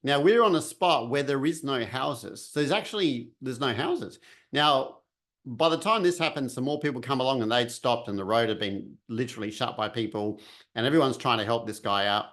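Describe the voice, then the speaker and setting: Man telling a story with lively energy. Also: mid-range voice, normal speed. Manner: animated, acts out voices and sounds. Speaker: vlogger telling a personal story. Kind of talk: casual storytelling.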